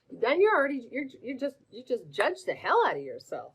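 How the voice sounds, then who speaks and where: A woman's voice: fairly high pitch, brisk, hardly any pauses, slightly rough. Chatty woman coaching a live stream. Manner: animated, chatty, greets viewers by name, asks many questions. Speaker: host answering viewer questions. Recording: dull lo-fi stream audio.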